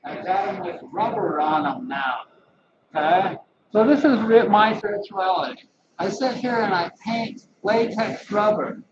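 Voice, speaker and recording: A massage therapist rambles casually to his webcam at home, his high-pitched voice moving at a measured pace. He's animated and drops in folksy asides, vlog-style. The audio is echoey, lo-fi and distant, with loud background noise.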